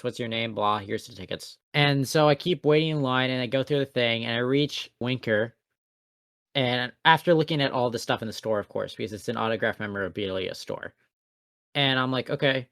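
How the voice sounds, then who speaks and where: A man's voice: mid-range voice, a bit bright, no echo, clean studio sound. A young man co-hosting a casual podcast, telling a rambling, self-mocking story with a passive-aggressive edge. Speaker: podcast co-host.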